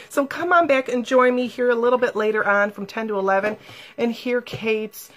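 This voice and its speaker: A woman's voice: a little high, steady tone, normal speed. A woman hosting a live stream, talking casually and emotionally to viewers and reading their comments aloud.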